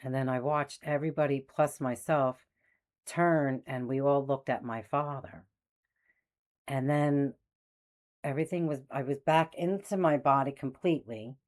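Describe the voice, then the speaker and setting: A woman in her sixties, a spiritual medium host, telling personal stories in a lively way and acting out the voices of the people in them. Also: very deep voice, unhurried. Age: 60s. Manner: animated, acts out quoted voices. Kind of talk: personal storytelling.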